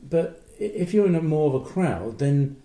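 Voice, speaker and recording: A man's voice: a little high, very animated, normal speed, mellow. A man co-hosting a podcast, musing and rambling in casual chat, recorded in a roomy space. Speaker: podcast co-host.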